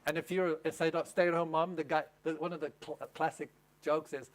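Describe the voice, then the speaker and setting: High-voiced male pastor preaching with humor. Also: little pitch movement, normal speed, slight background noise. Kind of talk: sermon. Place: camp meeting.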